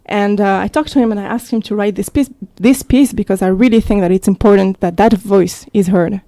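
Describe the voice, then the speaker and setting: Calm woman guest, mellow dry voice. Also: mid-range voice, brisk, no echo. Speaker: magazine editor, studio guest. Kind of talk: talk show discussion. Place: radio studio.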